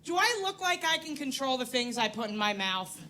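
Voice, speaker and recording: A woman's voice: sits high, big pitch swings, brisk, a crowd in the background. A woman in her thirties from New York doing a crude, self-mocking stand-up set on a comedy club stage. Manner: brash, crude, self-mocking, loud put-on voices in bits.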